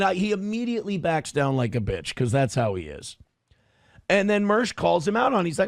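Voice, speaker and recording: A man's voice: high-pitched, very animated, fairly quick, vocal fry, no echo, studio quality. A man co-hosting a podcast, talking in a blunt, scornful, profane way. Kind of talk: casual podcast commentary.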